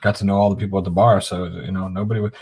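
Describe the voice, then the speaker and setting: A man's voice: sits low, flat delivery, rapid-fire, a little mellow, husky. A middle-aged man telling a long, profane anecdote in casual chat on a live stream. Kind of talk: casual storytelling.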